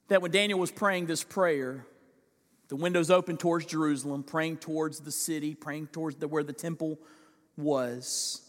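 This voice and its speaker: A man preaching a sermon as pastor, impassioned, swinging from loud pleading to hushed asides. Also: a little high, fairly even intonation, moderate pace, long reverb tail. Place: large church sanctuary.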